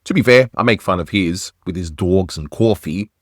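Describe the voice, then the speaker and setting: Give me a low-voiced Australian man reviewing cartoons. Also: normal speed, no echo, clean studio sound. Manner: chatty, animated storytelling. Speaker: animation review host. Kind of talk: casual commentary.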